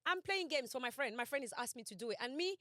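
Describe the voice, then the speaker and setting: A young woman co-hosting a podcast, telling a personal story in casual chat, animated and emphatic, acting out quotes with big swings in her voice. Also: rapid-fire, no echo, studio quality. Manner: animated, emphatic, quotes herself and others with dramatic pitch swings. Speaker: podcast co-host.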